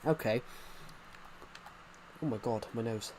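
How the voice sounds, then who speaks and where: A man's voice: mid-range voice, slow pace, darkish tone, a little hiss or hum. A man casually chatting while streaming a game, rambling and reacting to viewers' comments. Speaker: gaming streamer.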